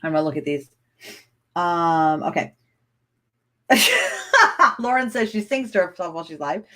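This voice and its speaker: A woman coaching a live-streamed training, chatty and excitable, rambling with restarts as she answers viewer comments. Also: fairly low pitch, measured pace. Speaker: online business coach.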